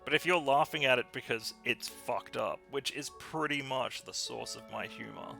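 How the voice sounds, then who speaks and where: A man's voice: medium pitch, moderate pace, creaky. A man co-hosting a game video, chatting casually and acting out funny scenes with frequent laughter. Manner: animated storyteller, laughs often, acts out quotes. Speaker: let's play co-host. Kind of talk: casual chat over gameplay. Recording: music bed behind voice.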